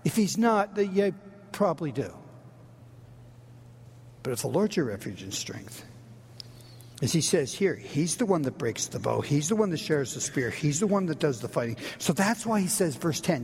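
A man preaching a sermon as a pastor, swinging from loud urgent lines to near-whispers. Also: a little high, big pitch swings, normal speed, a little hiss or hum. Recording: long reverb of a large hall.

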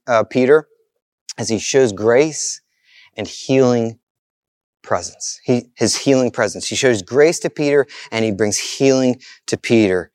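A man's voice: mid-range voice, darkish tone, dry recording. Earnest male pastor preaching, dry sound. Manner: earnest, repetitive preaching cadence. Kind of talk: sermon.

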